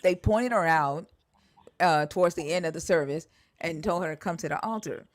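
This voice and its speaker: Woman, casual talk, lower-pitched, blunt and animated storyteller who swears freely. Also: moderate pace. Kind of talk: casual conversation about church experiences.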